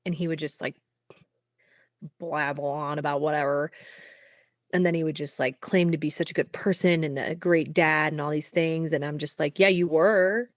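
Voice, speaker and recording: A young woman, a singer-songwriter, talking candidly in a casual interview, peppering her speech with "like" and quick laughs. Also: sits low, little pitch movement, dry recording, studio quality. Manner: frequent "like" fillers, quick laughs.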